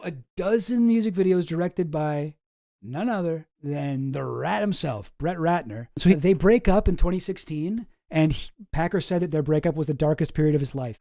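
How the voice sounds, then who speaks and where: A man's voice: sits high, dark tone, no room sound, clean studio sound. A man hosting a commentary channel, talking in a casual, rambling, sarcastic way and swearing often.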